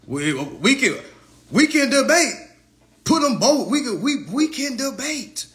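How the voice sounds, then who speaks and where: Taunting, animated man in his thirties. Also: measured pace. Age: 30s. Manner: mocking, taunting, profane; swings between loud jeers and low mutters. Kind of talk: roast monologue to camera.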